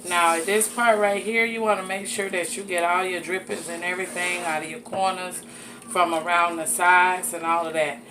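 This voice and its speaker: A woman with a fairly low, rather even-toned voice hosts a cooking show at normal speed, walking viewers through a recipe in her home kitchen. Chatty and folksy, she calls them "y'all" and "honey" in this casual demonstration, with audible background noise.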